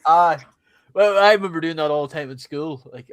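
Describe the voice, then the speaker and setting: Laid-back man, slightly high voice. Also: lively intonation, unhurried, pauses often, fairly bright tone, no echo. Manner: laid-back, says "aye". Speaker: podcast co-host. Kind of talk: casual banter.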